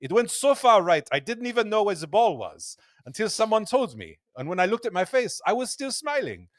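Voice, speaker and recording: A man's voice: high voice, very animated, a little fast, dry recording, clean studio sound, voice pushed up. A man voicing a cheerful French male golfer in a playful, put-on French accent, reading quotes with a hamming, raised voice. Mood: wry.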